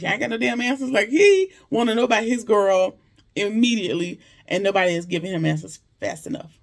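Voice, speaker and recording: A reviewer recapping a TV drama episode in a casual, animated way, with slangy asides and quick bits of acting out what the characters said. The voice has a gravelly, fry-edged texture at a middle pitch.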